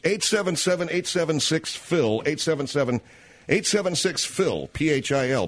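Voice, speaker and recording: A man's voice: on the high side, no room sound, clean studio sound. A man hosting a comedic talk radio show, combative and incredulous, reeling off the call-in number. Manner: combative, incredulous, rapid-fire call-in plugs.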